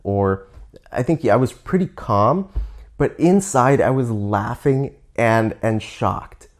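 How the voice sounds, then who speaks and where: A man's voice: mid-range voice, lively intonation, slow. A man with a Canadian accent talking candidly in a casual monologue, often restarting and stopping to explain words for learners.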